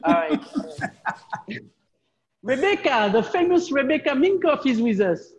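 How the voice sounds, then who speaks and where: A woman hosting a video call, brisk and playful, introducing guests. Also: sits high, very animated, creaky, dull audio. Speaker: event host.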